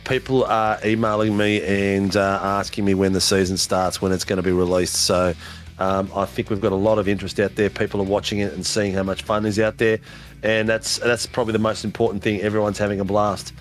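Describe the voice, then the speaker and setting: A man's voice: lowish voice, little pitch movement, fairly quick, faint music behind. An Australian man hosting post-race interviews on a sim racing broadcast, joking and laughing with matey banter.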